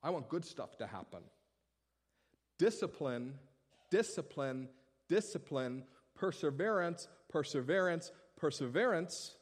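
Animated male pastor preaching. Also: a little high, unhurried. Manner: animated, humorous, conversational. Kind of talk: sermon.

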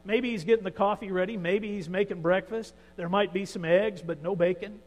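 High-voiced preacher in a reverberant hall. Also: male voice, fairly even intonation, a little fast. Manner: storytelling, shifting between hushed and emphatic. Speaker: pastor. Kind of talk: sermon.

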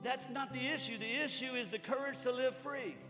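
Speaking a little fast, this male pastor has an extremely high-pitched voice as he delivers a sermon before a church hall audience. He keeps things conversational, joking around and performing short quotes. Music sits behind him, and the hall adds reverb.

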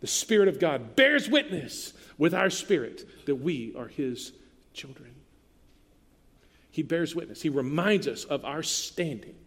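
A man preaching a sermon as pastor, earnest and conversational, dropping softly for tender quoted lines. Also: on the high side, very animated, measured pace, big-room sound.

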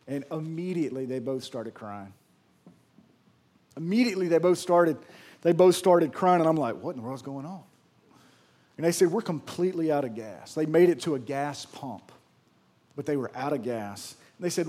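A man preaching a sermon, swinging from loud emphatic lines to hushed storytelling. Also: mid-range voice. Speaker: pastor.

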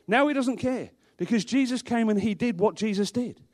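High-voiced man preaching emphatically. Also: normal speed, darkish tone. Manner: emphatic, repeats rhetorical questions. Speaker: pastor. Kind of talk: sermon. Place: church, before a congregation.

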